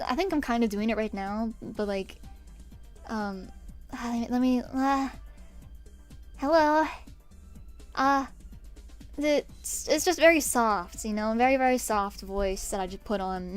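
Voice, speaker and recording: A woman's voice: a little high, moderate pace, clean tone, faint music behind. A young woman streaming while she draws, telling stories in a casual chat full of swearing and laughs. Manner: chatty storytelling with swearing and laughs. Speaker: VTuber streamer.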